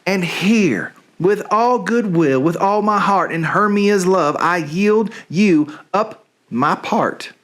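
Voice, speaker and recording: Man reading an earnest young lover in a high, unhurried Southern accent. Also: lively intonation, fairly bright tone, heavily acted. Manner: reads Shakespeare verse in a put-on drawl.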